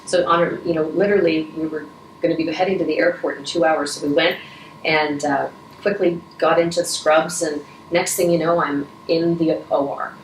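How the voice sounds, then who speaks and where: Low-voiced woman telling a heartfelt story. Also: steady tone, moderate pace. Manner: earnest, emotional, many restarts. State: choked up at times. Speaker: interview guest, Rotary vice president. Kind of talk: storytelling interview answers. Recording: echoey room, from a distance, faint noise.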